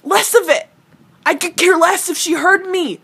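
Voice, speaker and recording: A woman's voice: very high-pitched, measured pace, vocal fry, a bit bright. A young woman giving casual reaction commentary on a TV episode, ranting animatedly and swearing freely. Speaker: reaction video host.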